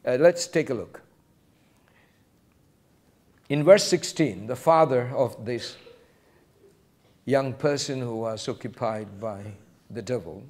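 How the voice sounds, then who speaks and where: A man preaching a sermon as pastor, quoting scripture and acting out short exchanges with animated delivery. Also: mid-range voice, slow, long pauses.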